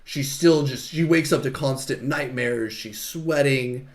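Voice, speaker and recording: A man's voice: medium pitch, a little slow. A man co-hosting a podcast, recapping a film in casual chat and acting out the characters' lines. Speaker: podcast co-host.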